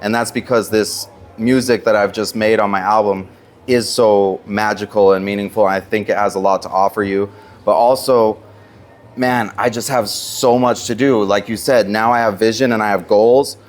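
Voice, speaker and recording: Earnest, low-voiced male musician guest. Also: steady tone, normal speed. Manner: earnest, heartfelt, emotional storytelling. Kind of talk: casual interview conversation.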